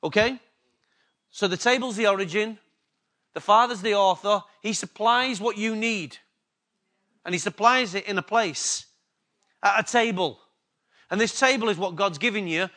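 A man's voice: sits high, pushed and bright. A man with an English accent preaching a sermon, repeating key words for emphasis and asking the congregation questions. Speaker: pastor.

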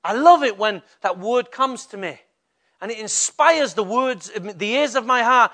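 An older man with a Mancunian accent, a pastor preaching a lively sermon and putting questions to the congregation in church. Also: very high-pitched, measured pace.

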